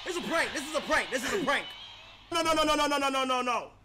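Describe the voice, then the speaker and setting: A man reacting on a livestream clip, talking in a shouty, excitable way. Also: extremely high pitch, fast talker.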